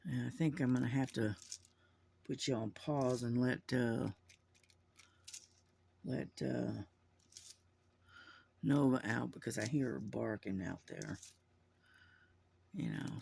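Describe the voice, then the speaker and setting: A man's voice: mid-range voice, a little slow, creaky, pauses often, darkish tone, slightly rough. A man chatting casually to his camera at home, rambling with lots of fillers and restarts. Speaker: vlogger. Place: at home indoors. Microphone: camera mic.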